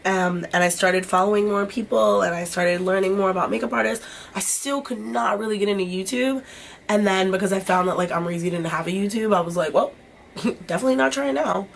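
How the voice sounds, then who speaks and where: A woman's voice: mid-range voice, steady tone, a little fast, creaky, slight background noise. A young woman vlogger chatting casually while doing her makeup, swearing freely and filling her talk with "like". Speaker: beauty vlogger.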